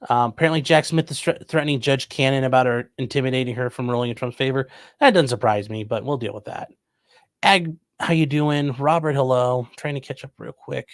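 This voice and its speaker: Brisk and medium-pitched, an Ohio man hosting a livestream casually reads viewer comments aloud and replies with dry jokes. There is no echo in the recording.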